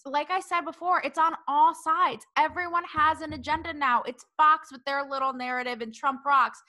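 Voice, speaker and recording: A young woman rants on her own podcast in a loose, casual monologue. Her voice sits a little high and sounds bright and forceful, and she swears freely as her exasperation builds. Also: steady tone, normal speed, few pauses. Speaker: podcast host.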